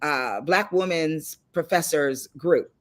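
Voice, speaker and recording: Lively low-voiced woman host. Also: slow. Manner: lively storyteller, animated and laughing. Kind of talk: casual chat on a video call panel.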